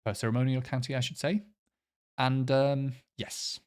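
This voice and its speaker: A man's voice: medium pitch, flat delivery, moderate pace, darkish tone, smooth. A man giving casual commentary while playing a map quiz, hesitant, with many fillers and unsure pronunciations. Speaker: quiz player.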